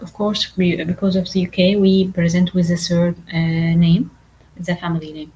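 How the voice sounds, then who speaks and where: A woman whose first language is Arabic, lecturing medical exam candidates in a halting, repetitive way, full of fillers and asking "okay?" often. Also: fairly low pitch, level tone, warm tone, slight background noise, poor audio. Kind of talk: online lecture.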